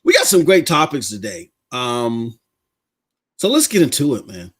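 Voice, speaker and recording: A man hosting a casual gaming podcast, talking in an excited, slangy way and reading news articles aloud with asides. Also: medium pitch, a little slow, husky. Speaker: podcast host.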